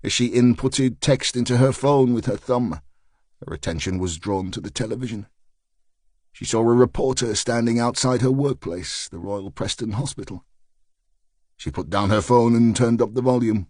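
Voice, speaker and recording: A male narrator reads a mystery thriller in a steady, measured way, his voice at a middling pitch. The recording is dry and close, with no room sound at all. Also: no echo. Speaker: audiobook narrator. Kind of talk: scripted narration.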